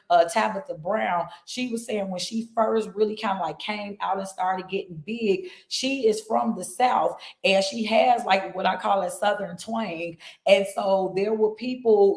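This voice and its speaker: A woman's voice: mid-range voice, vocal fry, darkish tone, roomy sound. A woman hosting a motivational talk show, speaking in a conversational coaching tone and often checking in with her listeners. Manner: conversational, coaching tone with frequent "right?" check-ins.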